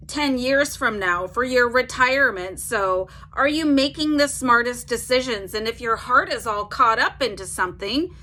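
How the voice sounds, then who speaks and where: A woman giving a casual tarot reading to her audience. Her voice sits a little high and rings bright and forward. She talks in an easygoing, rambling way, leaning on "like" and tagging "okay?" onto her points. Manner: chatty, fills with "like", tags "okay?" on sentences. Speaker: tarot reader.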